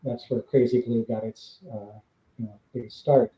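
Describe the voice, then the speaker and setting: A man's voice: medium pitch, fairly even intonation, a little slow, mellow, echoey room, low-quality recording. A man, a former stunt double, telling casual rambling stories with fillers and laughs. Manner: rambling anecdotes with fillers, laughs between lines. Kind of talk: casual storytelling on a live stream.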